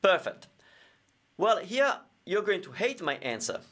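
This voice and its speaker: A man's voice: sits high, very animated, unhurried, fairly bright tone, a little hiss or hum. A man with Italian as his first language, teaching grammar in a live-streamed question and answer lesson, explaining with everyday examples.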